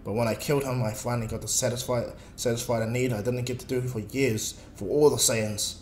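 A man's voice: medium pitch, fairly even intonation, fairly quick, darkish tone, slight background noise, natural voice. A man voicing a proud, arrogant warrior prince who talks in a scoffing way, in an echoey room. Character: proud, cocky adult male warrior prince. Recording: echoey room, faint music.

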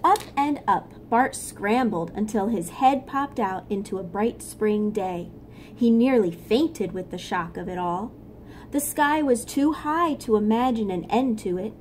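A woman reading a picture book aloud to young children, gently stopping to explain things. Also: medium pitch, measured pace, a little hiss or hum. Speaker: storyteller for children.

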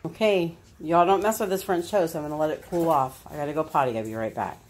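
A woman's voice: low-pitched, fast. A woman in her home kitchen, chatting to her dogs in a sing-song, doting voice. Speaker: dog owner.

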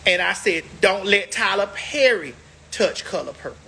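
A woman's voice: medium pitch, lively intonation, moderate pace, gravelly, sharp tone, breathy edge. A woman hosting a casual livestream, chatting to viewers in a sassy, emphatic way, stretching words out for effect. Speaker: livestream host.

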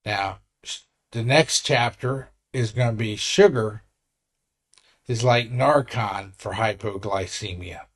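A man in his late sixties talks slowly and steadily to his camera in a casual vlog. He tells his story earnestly, wandering and restarting his sentences as he goes. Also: lowish voice. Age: 60s. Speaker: vlogger.

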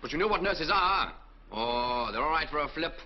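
An actor playing a breezy, wisecracking young medical student, in a 1950s film. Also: male voice, on the high side, expressive, normal speed, close to an everyday voice. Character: glib young male medical student, joker. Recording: dull old film soundtrack with faint noise.

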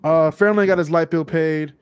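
A man hosting a casual podcast chat, animated and joking, often mimicking people. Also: fairly high pitch, normal speed, smooth, no echo. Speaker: podcast host.

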